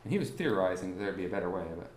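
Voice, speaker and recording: A man teaching a class on musical timing, talking haltingly with many restarts and asking the students rhetorical questions. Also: deep voice, expressive, darkish tone, reverberant, slight background noise. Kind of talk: classroom lesson on beat patterns. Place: warm indoor classroom.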